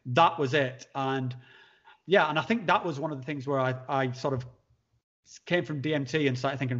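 A man, a podcast guest telling a long personal story in a halting way, with many restarts and fillers. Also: medium pitch, steady tone, fairly bright tone. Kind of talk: conversational storytelling. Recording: dull lo-fi sound.

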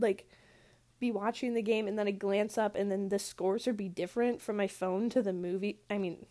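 A young woman chats through a long personal story, piling on fillers and side remarks as she goes. Her voice sits a little high for a woman, and she talks close to the mic in an easy, unscripted way. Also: warm tone. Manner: rambling, chatty, lots of "like" fillers. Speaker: vlogger. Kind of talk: casual storytelling.

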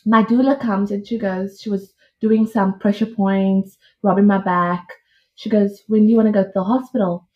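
A woman tells a personal story as a podcast guest, chatty and lively, and acts out the lines of the people in it. Her voice sits in a middle range for a woman. The recording sounds a little dull and lo-fi. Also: mid-range voice, normal speed. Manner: lively, chatty retelling with quoted dialogue. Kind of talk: casual storytelling.

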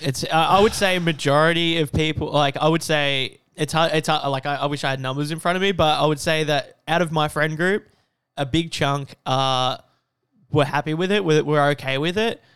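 Aussie male co-host, hesitant, very smooth, close and dry. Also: a little high, normal speed, fairly bright tone, dry recording. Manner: hesitant, thoughtful. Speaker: podcast co-host. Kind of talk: casual chat.

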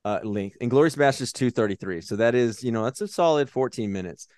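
A man's voice: medium pitch, a little fast, no echo, studio quality. A man co-hosting a movie podcast, chatting casually and swearing often as he gets worked up about films. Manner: profane, animated movie talk. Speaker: podcast co-host. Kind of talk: casual chat.

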